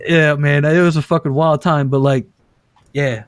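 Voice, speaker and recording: A man's voice: a little high, steady tone, moderate pace, clear, resonant tone, no echo. Profane, storytelling male podcast host. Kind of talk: casual chat. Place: at a desk, showing pictures to a guest.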